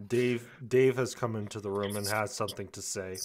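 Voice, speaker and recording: Low-voiced man coaxing someone to speak. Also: steady tone, moderate pace, a little hiss or hum. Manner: coaxing, patient. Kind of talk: casual banter.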